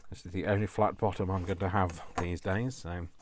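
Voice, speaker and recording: A man's voice: low-pitched, steady tone, fairly quick, background noise. A middle-aged man from Coventry, chatting playfully to himself while crafting. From England (Coventry). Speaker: craft vlogger. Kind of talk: casual chat while crafting.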